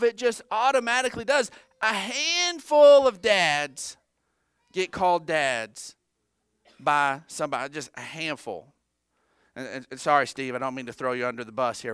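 Male pastor, middle-aged, clear and smooth, animated sermon delivery with jokes. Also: very high voice, dry recording, studio quality. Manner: animated, joking asides to the congregation. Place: church sanctuary.

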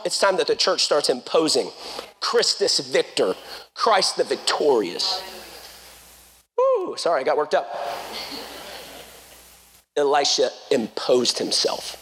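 Pastor, high voice, fervent sermon delivery that rises to shouting, with jokey asides. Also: male voice. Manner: fervent, builds to shouting, then jokes.

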